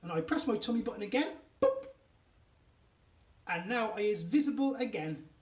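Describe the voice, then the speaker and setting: Guy putting on a giddy little boy voice, high and jumpy, big storybook telling. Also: lively intonation, normal speed, echoey room, far from the mic. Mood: boastful glee. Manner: ungrammatical giant-style speech, bursts high. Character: excitable young boy dreamer, boastful.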